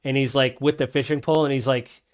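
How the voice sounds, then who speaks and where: A man's voice: medium pitch, steady tone, fast, smooth. Rambling male game master. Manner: loose, with many fillers. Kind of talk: narrating a tabletop game.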